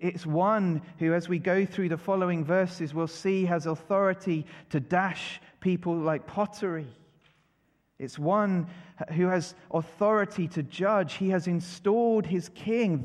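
Preaching man in a reverberant hall. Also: sits high. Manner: rhetorical questions, rising to emphatic declarations. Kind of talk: sermon.

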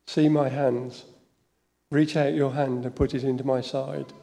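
A man with a Northern English accent reading the words of Jesus in a church Bible reading, slow and solemn, heard in a church. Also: medium pitch, little pitch movement, creaky, dark tone. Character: Jesus risen, calm grown man. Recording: church hall reverb.

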